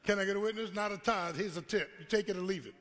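A pastor preaching a call-and-response sermon, acting out God's voice and rising to shouts. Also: male voice, high-pitched, fast. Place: church sanctuary. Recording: live church hall with long reverb.

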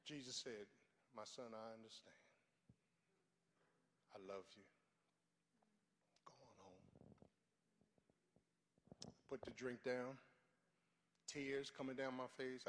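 An older man preaching a sermon, telling stories from his life and rising to fervent shouts. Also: mid-range voice, long reverb tail. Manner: storytelling, builds to fervent shouting.

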